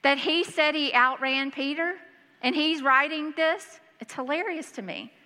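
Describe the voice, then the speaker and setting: Bright-voiced woman pastor preaching. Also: high voice, unhurried. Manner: reads scripture aloud and breaks in with lively asides. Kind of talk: sermon. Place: church hall. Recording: long hall reverb.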